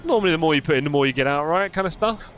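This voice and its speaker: A man's voice: on the high side, expressive, racing, a bit bright, a little hiss or hum. A young man live-streaming a racing game, chatting casually and answering his viewers by name with self-deprecating humor.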